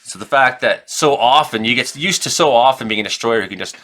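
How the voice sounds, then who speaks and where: A Canadian man giving casual, rambling commentary over his own gameplay, shifting between chat and loud reactions. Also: mid-range voice, a little fast. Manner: rambling, excitable, reacts loudly to hits. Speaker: gaming streamer and weather forecaster.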